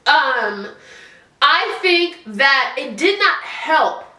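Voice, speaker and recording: Sassy high-voiced congested woman. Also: drawn-out words, echoey room. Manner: animated, sassy, blunt with profanity. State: congested, stuffy nose. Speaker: commentary vlogger. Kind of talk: casual reality TV commentary.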